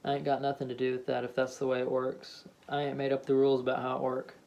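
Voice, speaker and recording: A man voicing a stubborn, defiant middle-aged husband who talks gruffly in clipped dialect. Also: mid-range voice, completely flat delivery, fast talker, darkish tone, natural voice. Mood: defensive.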